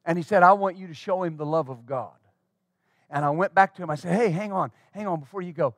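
A middle-aged man pastor telling a folksy story in a sermon, animated and full of restarts. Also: high voice, fast, dry recording, clean studio sound. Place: church.

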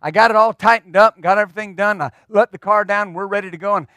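Man, pastor, middle-aged, high voice, dry close sound, folksy humorous sermon storytelling. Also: fast talker, no echo. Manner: folksy, humorous, animated storyteller who repeats words.

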